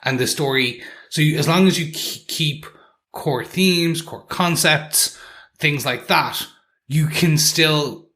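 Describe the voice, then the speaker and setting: Male co-host, slightly higher voice, playful casual chat, laughs a lot. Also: takes it slowly, bright, forceful tone. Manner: playful, laughs often, restarts his sentences. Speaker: podcast co-host.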